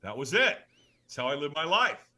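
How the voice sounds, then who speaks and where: A middle-aged man telling his story as a guest in an interview. His voice is bright and forceful, and he swings his pitch widely. He speaks with emphatic, animated energy. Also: moderate pace. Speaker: podcast guest.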